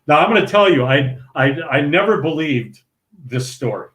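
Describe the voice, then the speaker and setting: A man's voice: on the high side, normal speed. An older man from St. Paul, Minnesota, a podcast guest telling a casual story with laughs and restarts. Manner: animated, laughing anecdote-telling with many restarts. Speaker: podcast guest, former pro bowler. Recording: roomy echo.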